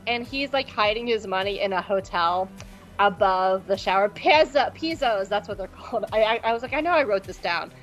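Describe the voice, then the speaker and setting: A woman's voice: mid-range voice, dull audio, faint music behind. A woman co-hosting a podcast, recapping an episode in casual chat and briefly acting out the characters. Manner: playful, acts out characters in quick impressions. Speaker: podcast co-host.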